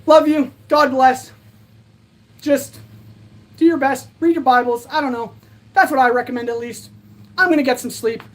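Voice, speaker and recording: At a normal speed with frequent pauses, a high-voiced livestream host ends her casual stream by earnestly thanking viewers in a rambling way. Exhaustion and slight breathlessness pull at her bright, light voice.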